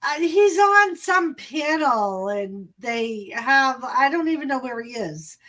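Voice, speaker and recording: A woman's voice: high voice, lively intonation, sharp tone, rough recording. A woman hosting a casual livestream chat from her room at home, telling stories in a loose, profane way. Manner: unhurried, profane storytelling.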